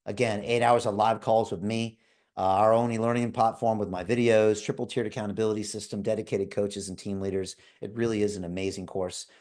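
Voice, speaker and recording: A middle-aged man hosting a live online call, making an urgent, repetitive sales pitch and checking in with "okay?" and "right?". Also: a little mellow. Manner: urgent, repetitive tag questions. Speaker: livestream host selling a crypto course.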